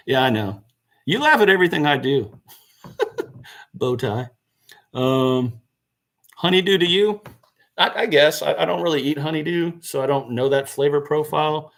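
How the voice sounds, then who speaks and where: A man's voice: on the high side, expressive, unhurried, pauses often. Chatty man hosting a live stream. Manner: chatty, answers viewer questions, self-correcting. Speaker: gardening channel host. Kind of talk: casual live-stream chat. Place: indoors by a seed box.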